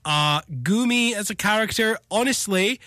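A man's voice: high-pitched, expressive, normal speed, sharp tone, dry recording, studio quality. A man enthusiastically summarizing a film's plot in casual chat, stumbling on words now and then. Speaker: film podcast co-host. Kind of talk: casual film review chat.

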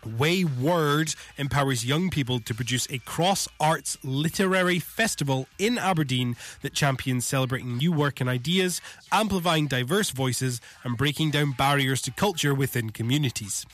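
A man's voice: medium pitch, moderate pace, a bit bright. A man hosting a community radio show from the studio, chatting casually and joking about himself between songs before reading local news. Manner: chatty and self-deprecating, yawning between links. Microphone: studio microphone.

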